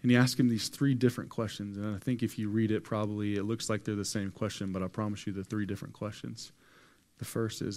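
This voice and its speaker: A man preaches a sermon with a low-pitched voice. He tells the story in a lively, casual way, using slang and acting out what people say to his congregation in a church hall. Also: a little fast. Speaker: pastor.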